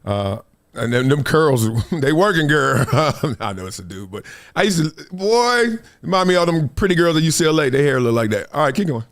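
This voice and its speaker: A man hosting a live sports talk stream, his voice sitting high and swooping widely as he makes his points. He laughs easily and drops low for mocking quotes. It is fast, conversational debate. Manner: animated, swings pitch for put-on quotes, laughs often. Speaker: host.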